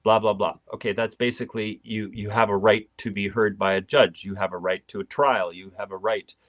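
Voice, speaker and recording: Sarcastic halting man on a stream. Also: lowish voice, fairly even intonation, a bit bright, lo-fi sound. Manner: sarcastic, halting with many fillers. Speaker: host. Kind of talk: live-stream commentary reading a document.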